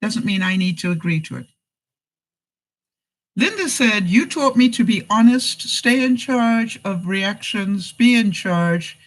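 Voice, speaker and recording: A woman's voice: mid-range voice, lively intonation, measured pace, poor audio. Chatty woman vlogger who laughs a lot. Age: middle-aged. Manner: chatty storyteller, laughs often, acts out quoted lines. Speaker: vlogger giving life advice. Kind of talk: live-stream chat, reading viewer comments.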